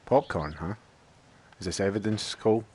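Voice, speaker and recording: A man's voice: fairly low pitch, normal speed, darkish tone, breathy edge. A man streaming a game, thinking aloud and joking as he plays. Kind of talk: casual let's play commentary.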